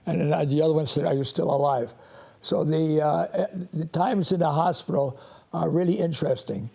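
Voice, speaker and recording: A man in his eighties, a priest hosting a call-in show, telling stories in a halting, rambling way with many restarts and chuckles. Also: a little high, vocal fry, mellow, husky. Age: 80s.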